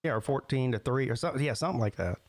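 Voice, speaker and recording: A man's voice: mid-range voice, racing, no room sound. A man co-hosting a sports podcast, easygoing and reasoning aloud with hesitant fillers. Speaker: podcast co-host. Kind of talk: casual sports talk.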